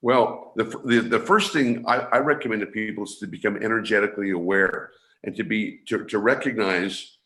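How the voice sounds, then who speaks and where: A man from San Francisco, a guest coach, explaining his ideas in an interview over a video call. He talks in halting bursts, restarting and repeating words. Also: on the low side, fairly bright tone. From San Francisco, USA. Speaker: guest, energy awareness coach. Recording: echoey room sound.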